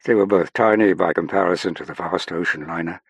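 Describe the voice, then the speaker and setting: A man narrating an audiobook in a measured, even way. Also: low-pitched, breathy edge, no room sound. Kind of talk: scripted narration.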